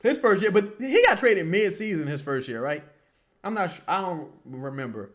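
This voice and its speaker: Young male streamer, bright cutting voice, a touch high, excitable, foul-mouthed fan commentary. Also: normal speed. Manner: excitable, profane, bursts into yelling at the players. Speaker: streamer watching a basketball game live. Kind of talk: live fan watch-along commentary.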